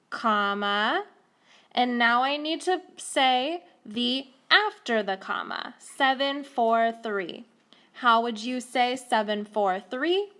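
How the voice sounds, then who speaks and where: A woman teacher explaining a math lesson to children slowly and carefully, recorded on a tablet. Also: a little high, sharp tone.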